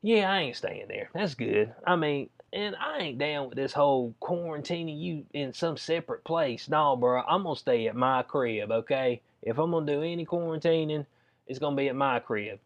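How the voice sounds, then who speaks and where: A man's voice: on the high side, normal speed. A man giving casual commentary, reading news aloud and riffing on it with slang and jokes. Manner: slangy, joking, reads news aloud and riffs on it. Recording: dull lo-fi audio.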